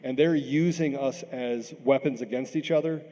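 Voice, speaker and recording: A middle-aged man from Washington, D.C. gives an impassioned talk as a panel guest. His voice is dark and mellow, and he doubles words when he is stirred. A long reverb from a large hall trails behind him. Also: medium pitch, steady tone, normal speed.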